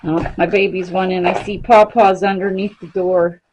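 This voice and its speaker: A woman's voice: lowish voice, little pitch movement, moderate pace, background noise. A woman chatting casually through a crafting demonstration in her home craft room, now and then talking to her pets. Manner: chatty, talks to her pets mid-task. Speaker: crafting vlogger.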